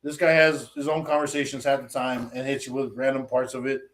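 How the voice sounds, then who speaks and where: A man's voice: medium pitch, a little fast. A man telling stories in loose, profane podcast chat, acting out the lines of people he quotes. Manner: profane, animated storytelling, acts out quotes. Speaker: podcast co-host. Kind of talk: casual chat.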